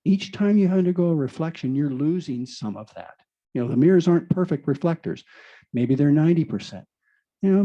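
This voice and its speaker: A man's voice: medium pitch, warm tone, husky, muffled recording. A man giving an enthusiastic explanatory presentation, explaining through rhetorical questions.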